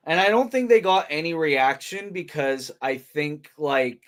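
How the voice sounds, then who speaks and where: A man hosting a casual wrestling watch-along, chatting, laughing easily and sharing trivia. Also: fairly high pitch. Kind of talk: casual chat.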